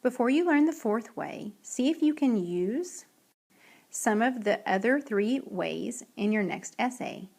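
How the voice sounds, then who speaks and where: Gravelly-voiced woman teaching a lesson. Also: on the high side, lively intonation, darkish tone. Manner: slow, clear modeling of example sentences. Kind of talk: recorded classroom lesson.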